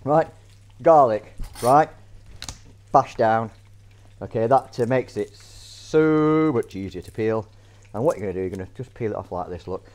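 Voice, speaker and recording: A man's voice: medium pitch, lively intonation, unhurried, darkish tone. A man hosting a casual cooking demonstration, chatty and instructive, bantering with his guest. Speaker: cookery show host. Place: school kitchen.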